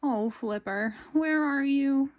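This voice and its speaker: A woman voicing a cheerful, eager young sea sponge fry cook in a storybook read-aloud, excitable and earnest. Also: high-pitched, takes it slowly, dull audio, voice pushed up.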